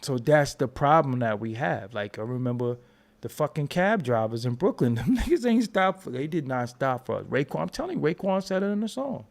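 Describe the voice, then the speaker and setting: Man, gravelly, mid pitch, animated, profane, commentary host. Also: a little fast. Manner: animated, emphatic, profane, talks over repeated restarts. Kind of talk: unscripted commentary rant.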